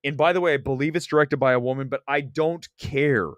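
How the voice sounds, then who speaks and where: A man's voice: mid-range voice, a little fast, no echo. A man hosting a livestream about movies, talking bluntly and teasing his chat. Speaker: livestream host.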